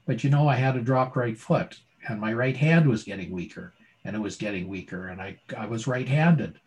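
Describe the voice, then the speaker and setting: A man's voice: mid-range voice, normal speed, a little mellow, poor audio. Dramatic middle-aged male storyteller. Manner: dramatic storyteller, rhetorical questions. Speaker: guest, former doctor turned speaker. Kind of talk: storytelling interview.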